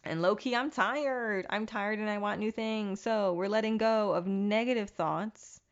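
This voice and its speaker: A woman talks through her own podcast in a casual, candid monologue, reflective and now and then profane. Her voice sits in a middle pitch. The recording sounds a little dull and lo-fi. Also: steady tone, moderate pace. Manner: candid, reflective, mildly profane self-help talk. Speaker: podcast host.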